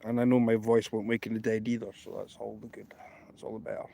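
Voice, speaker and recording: A Scottish man hosting a casual live walking stream outdoors at night, chatting in a rambling, hushed way into his phone. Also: lowish voice, level tone, fast talker, gravelly, a little hiss or hum. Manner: rambling, chatty, kept quiet. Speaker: livestream host.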